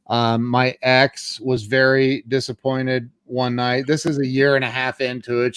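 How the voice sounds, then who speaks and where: A middle-aged man tells his own story as a guest, candid and unpolished. He stammers and restarts often. His voice sits at an ordinary pitch and is recorded close and dry, with no room echo. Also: clear, resonant tone. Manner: halting, with frequent stammered restarts.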